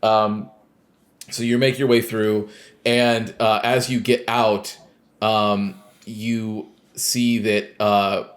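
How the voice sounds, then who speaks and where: A man's voice: fairly low pitch, flat delivery, slow. A man co-hosting a podcast, casually retelling a video game scene with lots of fillers and quoted lines. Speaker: podcast co-host. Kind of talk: casual chat recapping a game.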